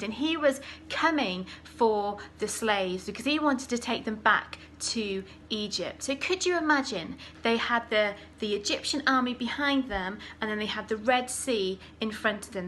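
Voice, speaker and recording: A woman leading children's church, telling a Bible story in an animated, dramatic way. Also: on the high side, a little hiss or hum.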